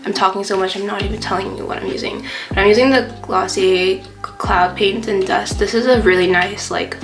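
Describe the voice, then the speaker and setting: A woman's voice: mid-range voice, fairly even intonation, fairly quick, creaky. Chatty young woman, roomy room, faint music. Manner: chatty, filler-heavy, swears freely. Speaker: beauty vlogger. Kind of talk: casual storytime while doing makeup.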